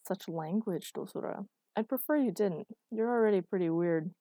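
Woman doing a deadpan exasperated boyfriend. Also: mid-range voice, normal speed, no echo, close to an everyday voice. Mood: dry. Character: dry, patient exasperated boyfriend.

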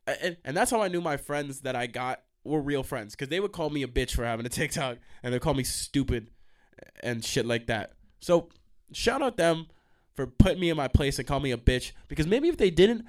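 A man's voice: on the high side, a little fast. A young man hosting a college radio show, rambling casually and profanely, getting heated and jumping off track. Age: young adult. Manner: profane, excitable, jumps off track. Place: college radio station studio.

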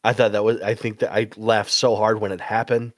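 Podcast co-host, mid-pitched, dry mic, rambling and laughing. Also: male voice, little pitch movement, a little fast, no echo. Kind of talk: casual podcast chat.

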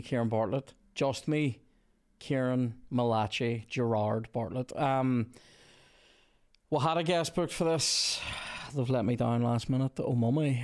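A Northern Irish man hosting a podcast, chatting casually and swearing in excited bursts while playing a football video game. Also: medium pitch. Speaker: podcast host. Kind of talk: casual gaming chat and commentary. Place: indoors with a small audience.

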